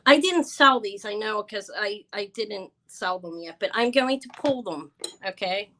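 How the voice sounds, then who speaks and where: A woman's voice: medium pitch, measured pace, a bit bright, slight background noise, poor audio. Flustered, tired woman selling jewelry live. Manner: flustered and apologetic, stumbling restarts. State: tired and stressed. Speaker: jewelry seller hosting a live sale. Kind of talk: live-stream sales chat.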